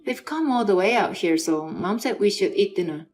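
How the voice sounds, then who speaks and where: A woman's voice: medium pitch, expressive, moderate pace, darkish tone, soft background music, close to an everyday voice. A woman voicing an adult husband in a dramatized story. He pleads and makes demands, then brushes things off. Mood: dismissive.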